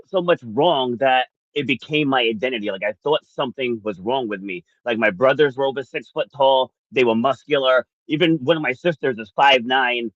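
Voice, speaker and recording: Man co-host, lively storytelling, slightly dull dry audio. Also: medium pitch, dry recording. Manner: animated storyteller, laughs often. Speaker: podcast co-host. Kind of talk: personal storytelling.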